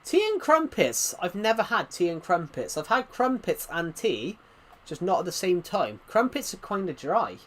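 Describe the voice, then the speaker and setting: A man chats loosely over his gameplay, his voice sitting a touch higher than most men's. He wanders from one side topic to the next in an easy, rambling way. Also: sing-song, normal speed. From Britain. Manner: rambling, chatty, tangents. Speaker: gaming channel host. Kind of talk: casual gameplay commentary.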